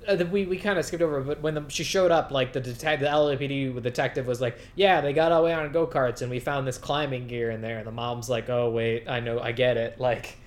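A man chatting about a movie on a podcast, animated, laughing often and saying "like" a lot. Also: mid-range voice, brisk, few pauses. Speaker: podcast co-host. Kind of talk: casual chat.

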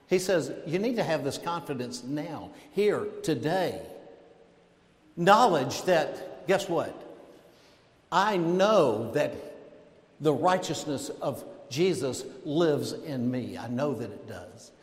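Pastor, man, preaching with emphasis and pauses; long church reverb, voice a bit high. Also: very animated. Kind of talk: sermon. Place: church sanctuary. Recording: echoey hall with long reverb.

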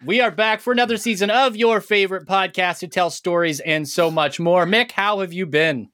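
A man's voice: high voice, moderate pace, a bit bright, clean tone. A man hosting a podcast, upbeat, laughing along and prompting his guest. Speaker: podcast host.

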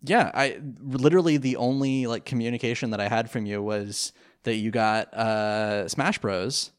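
A man co-hosting a casual podcast from his living room, chatty and quick to laugh, on a computer mic over a video call. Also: medium pitch, clean tone. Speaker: podcast co-host. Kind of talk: casual chat.

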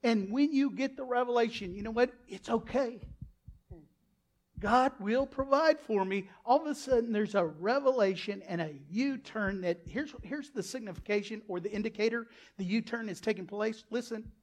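Brief: male pastor, lively sermon delivery, loud bursts, acted-out quotes. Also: sits high, moderate pace.

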